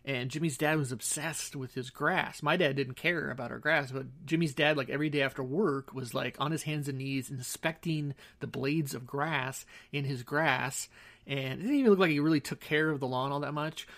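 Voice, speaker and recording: A middle-aged man with a gravelly, creaky edge to his voice, talking at a middle pitch. He tells long childhood stories in a loose, rambling podcast monologue, doubling back and dropping wry asides. He speaks into a studio microphone. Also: moderate pace, fairly bright tone. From Southern California. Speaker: podcast host. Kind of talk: casual storytelling monologue. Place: home studio.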